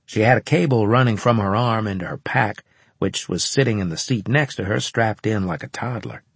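A man narrating a first-person audiobook in a steady, measured manner. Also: lowish voice, gravelly, husky, no echo.

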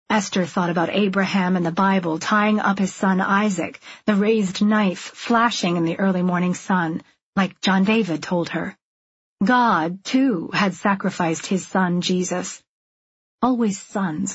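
Woman narrator, audiobook, low husky voice, subdued, dry room, slightly dull audio. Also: no room sound. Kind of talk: scripted narration.

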